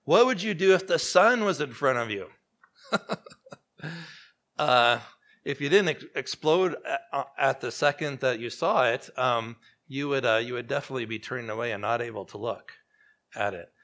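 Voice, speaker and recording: A man preaching a sermon in an animated, conversational way, with sudden hushed drops. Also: medium pitch, normal speed.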